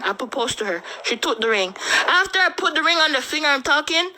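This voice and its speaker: A woman's voice: sits high, sharp tone, low-quality recording. A woman telling an angry personal story, swearing and exasperated.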